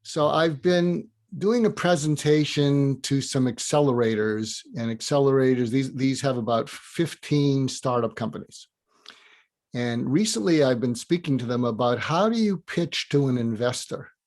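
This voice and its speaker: An older man, a guest in an interview, giving advice through lively stories and acting out both sides of conversations. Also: mid-range voice, normal speed. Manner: animated, acts out dialogue in quoted voices. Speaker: guest, psychiatrist and business advisor.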